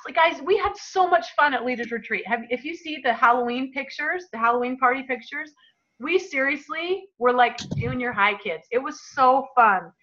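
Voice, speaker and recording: Bright, excited woman on a lo-fi call. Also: sits high. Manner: excited, gushing, talks straight to "you guys". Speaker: team leader. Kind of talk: motivational team call storytelling. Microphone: phone or computer call. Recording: muffled lo-fi call audio.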